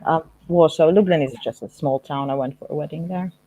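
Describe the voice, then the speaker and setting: A woman's voice: low-pitched, fairly quick, mellow, no echo. A woman with a Slavic accent chatting casually as a guest on a video call, laughing often.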